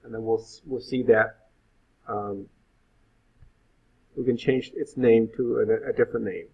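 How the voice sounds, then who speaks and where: A man's voice: medium pitch, steady tone, a little slow, pauses often, husky. A male web instructor giving an informal live coding lecture, thinking aloud with frequent fillers. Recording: phone-like lo-fi sound.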